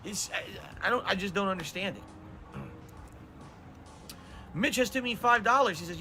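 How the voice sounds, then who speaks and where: A man's voice: high voice, expressive, a little slow, pauses often, pushed and bright, soft background music. A man commenting on a video game as he plays it, sarcastic and profane, often reading the game's lines aloud in mocking voices. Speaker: streamer playing a video game. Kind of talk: casual gameplay commentary.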